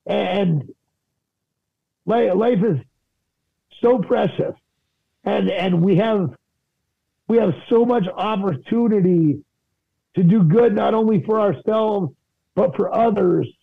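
A man, a podcast guest, telling an emotional personal story in a halting, earnest way, often repeating his words. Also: high voice, vocal fry, no room sound, phone-quality sound. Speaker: podcast guest, jewelry business owner.

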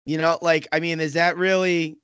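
An Islanders fan on a hockey podcast talks casually at a moderate pace, his slightly higher voice fairly bright and smooth but flat in delivery. He rambles, swears often, interrupts himself, and restates his points. The sound is dry and close with no room.

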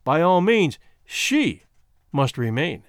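Male narrator doing a smug, wordy schemer, slow and judicial, sing-song pitch, dry. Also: sing-song, smooth, no room sound, exaggerated voice. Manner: deliberate, judicial, mock-apologetic. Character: scheming, smooth-talking man, wordy and mock-polite.

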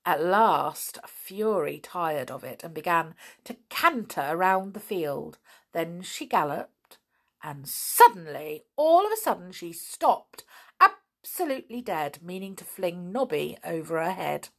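A woman reading a children's book aloud, expressive and animated, with chatty asides. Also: fairly low pitch, unhurried. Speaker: storyteller.

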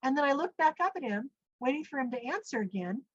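A middle-aged woman telling a personal story in a lively way, acting out the voices she quotes. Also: high-pitched, fast, no echo. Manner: animated, acts out quoted speech. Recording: dull, dry lo-fi sound.

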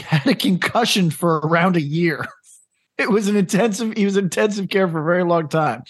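A man with a fairly high voice co-hosting a casual podcast. He rambles and laughs as he reads out grim listener stories. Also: dry recording. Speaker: podcast co-host.

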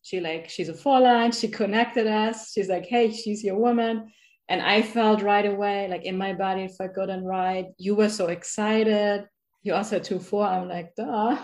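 A woman's voice: mid-range voice, steady tone, moderate pace, darkish tone. Bubbly German-accented woman podcast host. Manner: bubbly, filler-heavy, lots of "like" and "right?". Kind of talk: casual conversational interview.

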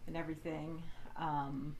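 Slow-spoken low-voiced middle-aged woman. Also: level tone, background noise. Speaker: host's mother, guest. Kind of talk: casual family chat. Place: family home.

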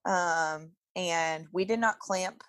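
A woman's voice: fairly low pitch, slow, a bit bright, no room sound. A young woman telling a personal story as a podcast guest in a casual, chatty way, with frequent "like" fillers and laughter. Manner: chatty, peppered with "like", laughs often.

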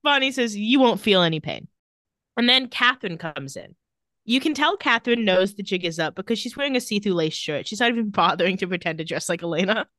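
Animated woman recapping a show. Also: medium pitch, no room sound. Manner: retells scenes with quick quoted lines and dry asides. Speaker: podcast co-host recapping a TV episode. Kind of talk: casual chat.

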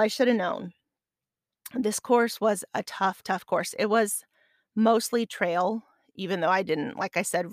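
A woman's voice: mid-range voice, dry recording, studio quality. A middle-aged woman hosting a podcast, telling a personal story in a chatty, self-deprecating way and laughing as she goes. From Arizona. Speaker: podcast host. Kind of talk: casual storytelling monologue.

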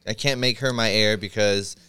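A man's voice: on the low side, fairly even intonation, normal speed, pushed and bright, smooth. A man co-hosting a podcast, joking bluntly and sarcastically, with a lot of swearing. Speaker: podcast co-host. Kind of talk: casual fan chat.

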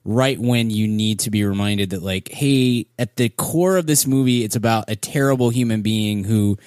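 A man with a fairly low voice, giving his take on a film in casual podcast talk. He builds his points in long, thoughtful sentences with a wry edge. The sound is dry and close. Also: normal speed, darkish tone, smooth, no echo. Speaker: podcast co-host. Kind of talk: casual movie-review chat.

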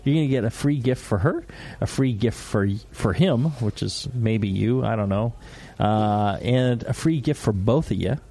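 A man's voice: mid-range voice, normal speed, few pauses, mellow. A man hosting a podcast in casual chat, joking and laughing a lot as he rambles through a sponsor read with fillers. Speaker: podcast host.

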